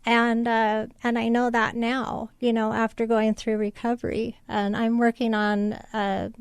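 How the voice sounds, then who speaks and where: Guest: middle-aged woman, even-pitched, smooth clear voice, halting and tearful delivery. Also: no echo. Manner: tearful, halting, many fillers. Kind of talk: emotional personal story.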